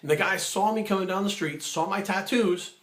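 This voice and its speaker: Animated man telling a story, echoey room. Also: high-pitched, brisk. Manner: animated, acts out other people's lines. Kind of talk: casual storytelling.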